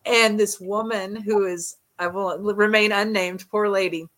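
Woman co-host, lively storyteller; bright, forceful tone. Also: mid-range voice, unhurried, low-quality recording. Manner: animated storyteller, laughs often. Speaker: podcast co-host. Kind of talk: casual chat.

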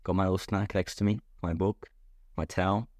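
A man's voice: low voice, steady tone, a little fast, darkish tone, no room sound, studio quality. A young man co-hosting a podcast, joking and rambling in casual chat. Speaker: podcast co-host. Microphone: podcast mic.

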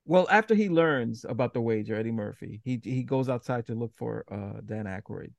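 Halting man on a dry mic. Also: mid-range voice, lively intonation, vocal fry, no echo. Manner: halting, laughs easily. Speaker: podcast co-host. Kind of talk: casual chat.

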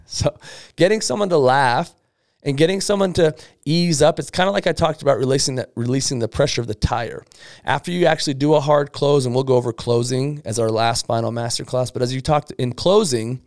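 A man coaching salespeople in an upbeat, slangy way, with a gravelly edge to his mid-pitched voice. The recording is close and dry, with no room sound. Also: dry recording. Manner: energetic, slangy, acts out sales banter. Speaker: sales trainer.

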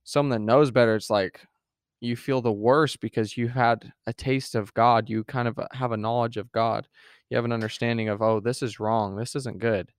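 This podcast co-host speaks at a moderate pace in a steady, clear, resonant voice of medium pitch, studio quality with no echo. In a casual faith discussion he rambles with many restarts and fillers, acting out little quoted scenes.

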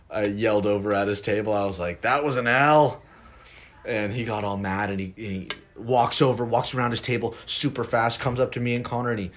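A young man from Northern California co-hosts a podcast, spinning a loose, swear-filled story with frequent restarts. His voice sits a touch low, and he talks in an easy, casual way. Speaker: podcast co-host.

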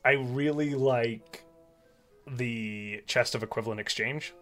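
A man chatting casually as a podcast co-host and game master, relaxed and rambling with lots of filler words. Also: medium pitch, takes it slowly, faint music behind. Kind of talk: casual chat.

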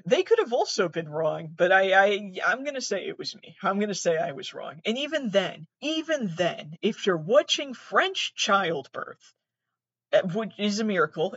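A woman's voice: medium pitch, husky, no echo. Young woman, podcast host, casual storytelling, self-deprecating, swears often, dry slightly muffled recording. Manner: rambling, self-deprecating, swears a lot, frequent restarts.

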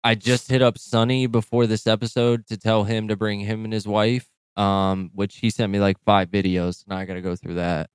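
A man's voice: on the low side, flat delivery, normal speed, hardly any pauses, clear, resonant tone, no echo. A man co-hosting a podcast in a laid-back, profane, casual chat. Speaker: podcast co-host.

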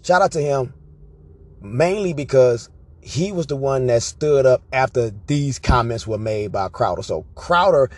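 A man telling personal stories to his viewers in an animated, profane, casual way, often checking in with "right?". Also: medium pitch, a little slow. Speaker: vlogger. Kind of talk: casual storytelling monologue.

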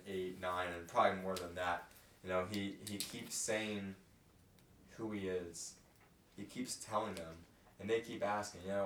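A man's voice: fairly low pitch, fairly bright tone. A man leading a casual group Bible study, reading scripture aloud and talking it over loosely. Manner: reads scripture aloud, then chats loosely with fillers. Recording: roomy sound from a distance.

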